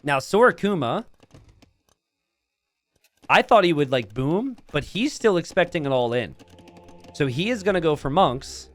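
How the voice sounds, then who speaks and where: A man casting a strategy game match, excitable and breaking into shouts and laughter. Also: fairly high pitch, a little slow, long pauses. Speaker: game caster.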